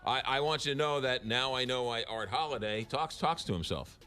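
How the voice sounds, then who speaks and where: A man's voice: mid-range voice, brisk, sharp tone. A man hosting a radio talk show, bantering casually and teasing his guests. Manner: joking, teasing.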